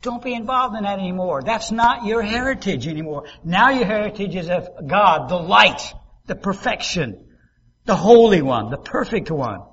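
Male pastor, expressive sermon delivery with acted asides, raspy tone, muffled sound. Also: sits high, normal speed. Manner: preaching with dramatic rises and quoted voices.

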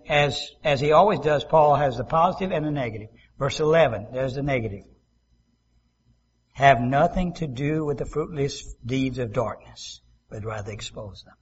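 A man pastor preaching a sermon, swinging from loud emphasis to soft asides and acting out quoted voices. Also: mid-range voice, slightly rough, muffled recording.

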